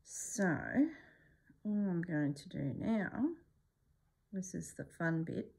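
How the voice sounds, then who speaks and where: A middle-aged woman talking through a stitch-along embroidery tutorial in a calm, musing way, often dropping to a soft whisper. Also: fairly low pitch, takes it slowly, vocal fry. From Australia.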